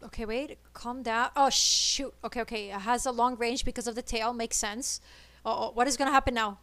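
Excitable woman gamer. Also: a little high, fairly quick, dry recording. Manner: excitable, nervous, switches between English and Italian. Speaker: streamer playing co-op game. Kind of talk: live gameplay chatter.

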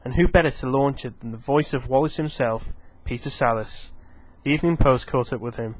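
A male reporter introducing a story and then asking an actor brisk, plain interview questions outdoors. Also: mid-range voice, rough recording.

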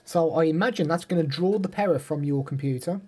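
Mellow, husky-voiced male streamer. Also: a little high, brisk. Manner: chatty, laughs easily, talks to chat. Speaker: streamer reviewing gear. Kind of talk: casual live-stream chat.

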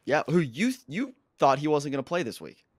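Hoarse male co-host, an excitable sports fan, with a dry, close sound. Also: fairly high pitch, moderate pace, dry recording. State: hoarse, lost his voice. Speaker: podcast co-host; coach. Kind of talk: casual sports chat.

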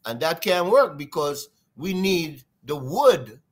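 A man with a Trinidadian accent, a guest drummer telling stories in an interview, lively and sing-song, imitating drum sounds. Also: on the high side, slow. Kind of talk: animated storytelling interview.

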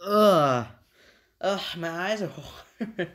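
Slow-talking man laughing to tears. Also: a little high, animated, a bit bright. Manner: helpless laughter, talking through giggles. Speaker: channel host. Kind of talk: reaction video commentary.

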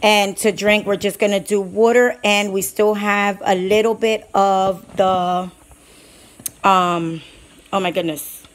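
A woman's voice: medium pitch, steady tone, slow, a little hiss or hum. A woman talking casually through her cooking on a home vlog, chatty and rambling with many fillers. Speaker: couponing vlogger.

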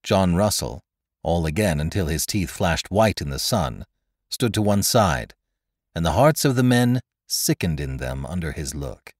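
Deep-voiced male storyteller, expressive. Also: a little slow, no echo, studio quality. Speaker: narrator. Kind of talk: scripted narration.

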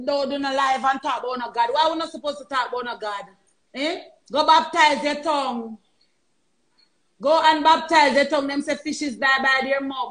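A Jamaican woman live streaming, ranting loudly and mockingly with heavy cursing. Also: fairly high pitch, poor audio.

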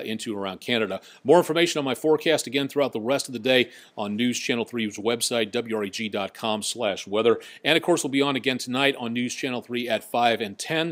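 A man working as a TV meteorologist, hosting a casual live weather blog in a chatty, folksy way and reading out viewers' names. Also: medium pitch. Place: TV station in a downtown area.

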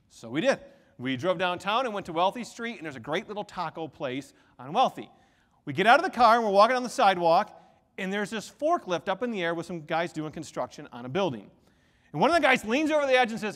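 Animated, high-voiced male pastor preaching. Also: in a large hall. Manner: animated storytelling, quick shifts between soft and loud. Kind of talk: sermon. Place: church sanctuary.

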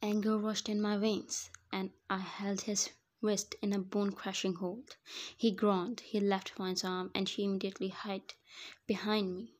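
Flat-voiced woman reading fan fiction. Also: medium pitch, unhurried. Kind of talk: first-person story narration.

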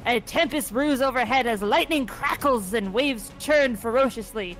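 Hammy pirate captain announcer played by a woman, high voice, faint music under her. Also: normal speed, fairly bright tone, lightly acted, low-quality recording. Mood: boisterous. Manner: hammy pirate accent, breaking into giggles. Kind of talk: reading an AI battle narration aloud.

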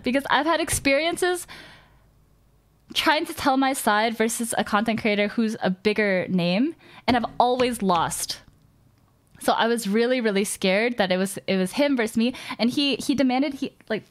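A young woman with a high-pitched voice tells a personal story in casual streaming chat. She rambles, restarts her sentences and swears freely as she talks. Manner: rambling, emotional, swears often, many restarts.

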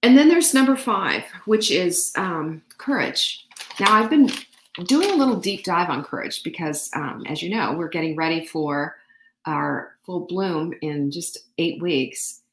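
Animated woman hosting a motivational show. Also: fairly low pitch, measured pace, roomy sound, slight background noise. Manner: animated, laughs often, asks the audience questions. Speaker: host. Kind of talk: motivational live-show talk.

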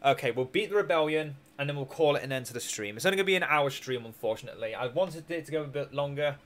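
A man's voice: fairly high pitch, animated, quick pace, a bit bright. A man streaming a strategy game, rambling through his moves with restarts and small chuckles while tired and hiccuping. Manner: rambling, self-correcting, chuckling. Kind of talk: casual gameplay commentary.

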